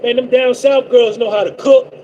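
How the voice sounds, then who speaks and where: A trucker who hosts a livestream, this man from North Jersey, USA, speaks with a New Jersey accent in a casual monologue, boasting, repeating himself and giving shout-outs. His voice is very high-pitched and steady in tone at a normal speed, with the highs cut off and slight background noise.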